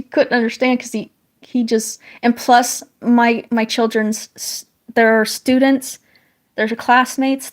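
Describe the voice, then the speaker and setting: Woman, 30s, from the northern US; casual streamer who reads chat aloud, rambles and restarts often. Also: on the high side. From northern United States. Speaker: streamer chatting with viewers while drawing.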